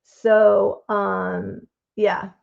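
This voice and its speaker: A woman's voice: medium pitch, level tone, drawn-out words, gravelly, highs cut off. A woman hosting a live craft stream, chatting casually and rambling as she reads out viewer votes.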